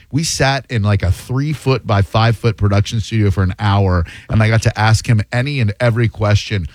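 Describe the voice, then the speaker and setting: A man's voice: on the low side, fairly quick, few pauses, no room sound. A man in casual chat, recounting stories and quoting others. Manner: conversational, quotes others.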